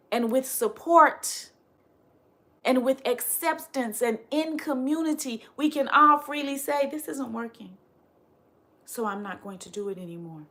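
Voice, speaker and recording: A woman speaking straight to her audience as a spiritual teacher, emphatic and repetitive, firing off rhetorical questions and dropping softly on her refrains. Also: sits high. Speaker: spiritual teacher and channel host. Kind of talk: direct-to-camera motivational talk.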